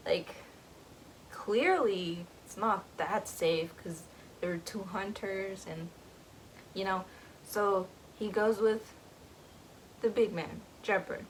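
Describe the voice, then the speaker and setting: A young woman recaps a book in a casual, rambling way, filling her sentences with "like"s and small giggles. Her voice sits at a middle pitch for a woman. There is faint noise behind her. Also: slow pace, rough recording. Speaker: book vlogger.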